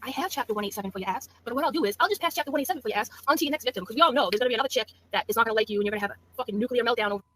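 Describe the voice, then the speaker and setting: A woman from Massachusetts rants at a rival, brash and full of insults. Her voice sits high and she fires off words quickly, with a faint hum of noise behind her. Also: a bit bright. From Massachusetts, USA. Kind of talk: trash-talking video rant.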